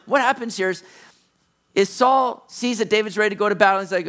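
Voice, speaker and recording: A middle-aged male pastor preaching a sermon, animated, acting out the lines of the characters in the story he tells. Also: sits high, brisk, pauses often.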